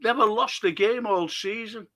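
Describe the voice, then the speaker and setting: A man's voice: high-pitched, normal speed, bright, forceful tone. A man hosting a fan live stream. He reads out viewer comments and answers them in a blunt, exasperated way, swearing often. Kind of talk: casual chat reading viewer comments.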